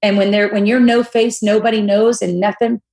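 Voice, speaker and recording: A middle-aged woman on a podcast as a guest, telling candid stories in a blunt, animated way and acting out what people said. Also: medium pitch, moderate pace. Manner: animated, blunt, swears, acts out quotes. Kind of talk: candid storytelling chat. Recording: echoey room.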